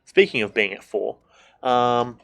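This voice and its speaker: A man's voice: mid-range voice, measured pace, gravelly, a bit bright. A man streaming a game, chatting casually, joking and swearing, and reading the game's dialogue aloud. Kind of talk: casual gameplay commentary.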